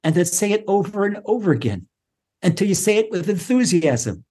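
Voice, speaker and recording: A man teaching a Torah lesson as a rabbi, fervent and repetitive, rising in pitch to press each point home. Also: very animated, fairly quick, dark tone, breathy edge. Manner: fervent, repeats key phrases, climbs higher in pitch to stress a point. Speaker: rabbi teaching a weekly class.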